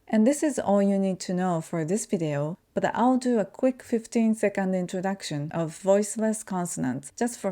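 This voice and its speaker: A woman whose first language is Japanese gives a pronunciation lesson, speaking slowly and carefully as she demonstrates sounds. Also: medium pitch, dark tone. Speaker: language teacher.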